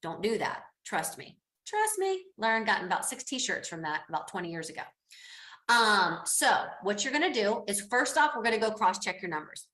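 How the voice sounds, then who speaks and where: Bright upbeat woman coaching online. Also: mid-range voice, animated, a little fast, echoey room. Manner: upbeat, encouraging, acts out quoted voices. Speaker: business coach. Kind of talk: online class teaching.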